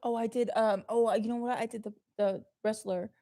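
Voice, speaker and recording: High-voiced joking woman guest. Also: fairly even intonation, dark tone, no echo, clean studio sound. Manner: laughing, quick comebacks. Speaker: comedian guest. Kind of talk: casual live-stream chat.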